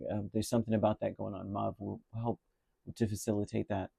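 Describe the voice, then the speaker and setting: A man's voice: lowish voice, little pitch movement, fast talker, gravelly, warm tone, slightly rough, dry recording. A middle-aged man giving a casual, rambling tarot reading and telling a story along the way, with many restarts. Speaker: tarot reader.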